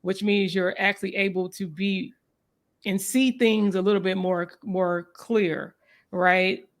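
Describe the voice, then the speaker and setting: A woman's voice: mid-range voice, fairly even intonation, unhurried. Woman interviewer; mid-range voice, probing, rambling questions. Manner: searching, rambling questions with restarts. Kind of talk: interview conversation.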